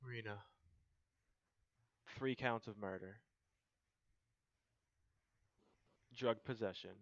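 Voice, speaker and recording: A man's voice: on the low side, measured pace. A man voicing a tired, disapproving older brother who works as a lawyer, scolding and matter-of-fact, on a dull lo-fi recording. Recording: dull lo-fi stream audio.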